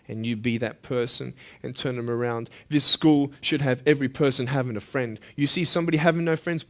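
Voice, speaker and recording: A man in his thirties with an Australian accent, giving an impassioned motivational speech at a school assembly. He swings between loud pleading and hushed intensity. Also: mid-range voice. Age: 30s. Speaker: motivational speaker.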